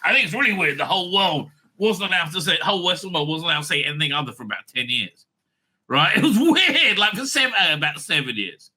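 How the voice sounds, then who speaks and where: Guy ranting on his own channel, high voice, swings up and down a lot, keeps laughing. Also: very animated, fast, bright, forceful tone. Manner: loose and rambling, laughs often, profane. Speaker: online show host. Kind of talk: casual ranting commentary.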